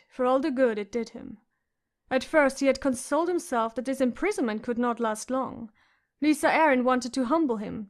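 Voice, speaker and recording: A woman narrating an audiobook in a measured, expressive way. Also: sits high.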